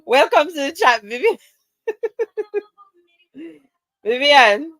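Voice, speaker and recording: A woman with a higher, bright voice hosts a live chat, talking slowly and teasing her viewers as she reads their comments. She laughs often and keeps it chatty. The sound is close and dry. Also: lively intonation, no room sound, rough recording. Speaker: livestream host. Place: at home, camera off.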